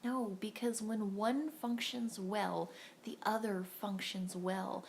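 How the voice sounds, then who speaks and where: Gravelly-voiced woman giving a devotional. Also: mid-range voice, unhurried, a little hiss or hum. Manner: earnest, encouraging, acts out little voices. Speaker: devotional host. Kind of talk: women's devotional talk.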